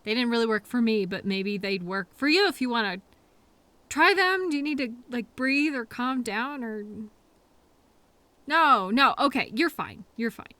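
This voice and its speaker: A woman's voice: on the high side, animated, normal speed, bright, forceful tone, no echo. A young woman performing a scripted audio role-play as a coworker who finds the listener in a blizzard, fussy and scolding, then apologetic, with quirky mild exclamations.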